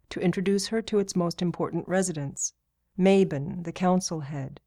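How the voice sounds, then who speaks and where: A woman reading a novel aloud as narrator in a steady, even way. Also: lowish voice. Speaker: audiobook narrator. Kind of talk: scripted narration.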